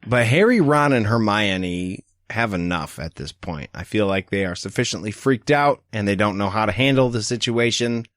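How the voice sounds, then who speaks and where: A man co-hosting a casual podcast about a book, talking in a lively, profane way and acting out quotes. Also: on the low side, moderate pace, hardly any pauses, dry recording, clean studio sound. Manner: animated, profane, acts out quotes. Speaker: podcast co-host. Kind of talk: casual book-discussion chat.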